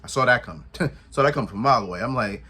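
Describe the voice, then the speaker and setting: A man's voice: mid-range voice, lively intonation, very fast, sharp tone, slightly rough. A man recapping a wrestling show in casual commentary, retelling events with animation, acting out what people said and laughing often.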